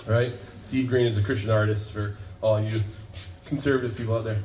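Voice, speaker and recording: A man preaching a sermon, telling a story with lively acted-out voices, with the remains of a cold. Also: lowish voice, a little fast, a little hiss or hum. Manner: animated storyteller, acts out voices. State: lingering cold, coughing. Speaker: pastor. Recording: echoey room.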